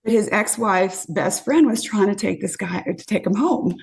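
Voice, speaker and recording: A woman's voice: mid-range voice, moderate pace, creaky. A woman in her fifties, a podcast guest, animatedly telling dating stories and acting out what people said. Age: 50s. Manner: animated, acts out quotes. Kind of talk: casual storytelling.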